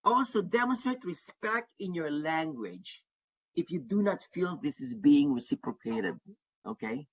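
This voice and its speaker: A man's voice: high voice, gravelly, breathy edge. A man presenting an online workshop as an advisor to international students, speaking earnestly and repeating his key points for emphasis. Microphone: video call. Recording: dull lo-fi webinar audio.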